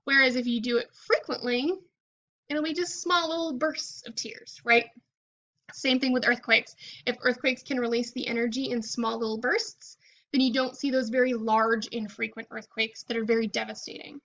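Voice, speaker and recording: A woman with a bright, forceful voice walks students through a recorded college lecture. She explains casually, checking in with "okay" and filling pauses with "um". The recording sounds dull and lo-fi. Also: fairly high pitch, fairly even intonation. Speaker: college geology instructor.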